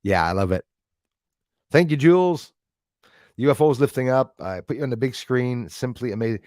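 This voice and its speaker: A man's voice: medium pitch, expressive, normal speed, darkish tone, dry recording, clean studio sound. A man hosting a casual live stream, rambling as he reads out and thanks viewers in the chat. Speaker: livestream host.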